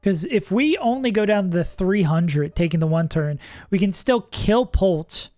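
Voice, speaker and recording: A streamer in casual livestream commentary, thinking aloud about game strategy, chatty and quick to laugh. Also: mid-range voice, lively intonation, mellow, no room sound, clean studio sound, soft background music.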